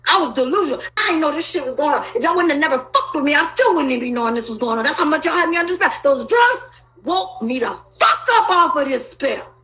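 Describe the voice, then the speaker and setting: Woman, high and very expressive voice, emotional rambling rant, swears freely. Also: fast, rough recording. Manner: agitated, profane and rambling, with sudden loud outbursts. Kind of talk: emotional personal monologue.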